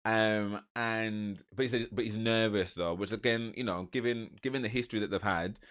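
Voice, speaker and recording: A man's voice: fairly low pitch, moderate pace. A man, casually rambling through a reaction to a reality TV episode with lots of restarts. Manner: rambling, restarts and animated retelling. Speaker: reaction video host.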